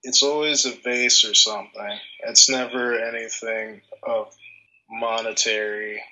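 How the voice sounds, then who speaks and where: Man, podcast co-host, rambling, hesitant, slow delivery, flat intonation, dull lo-fi sound. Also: mid-range voice. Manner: rambling and hesitant, searches for words, uses many fillers. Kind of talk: casual podcast chat.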